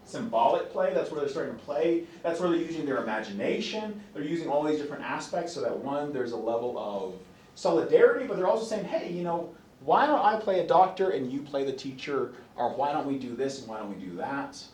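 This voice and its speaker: A man giving a psychology lecture to a class, lively and expressive, often acting out voices of children and parents. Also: fairly high pitch, brisk, slight background noise. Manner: animated, acts out quoted voices. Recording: echoey classroom from a distance.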